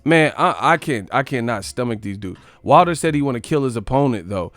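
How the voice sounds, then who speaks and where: A man hosts a boxing live stream, ranting with profanity and plenty of animation. His voice sits in a middle pitch and sounds dry and close. Faint music plays underneath. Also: lively intonation, fairly quick, fairly bright tone, no echo. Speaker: boxing channel host.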